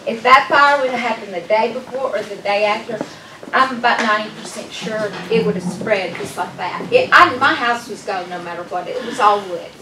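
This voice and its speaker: A woman's voice: medium pitch, normal speed. A woman resident speaking up at a public meeting, emphatic and insistent. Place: community meeting room. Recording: echoey room from far off, noisy.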